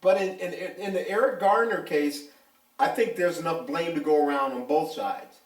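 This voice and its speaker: A man's voice: a little high, moderate pace. An older man, a retired police officer giving his views in an interview, talking bluntly and emphatically. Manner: blunt, animated, emphatic storytelling. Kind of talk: casual interview talk. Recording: echoey room, mic at a distance.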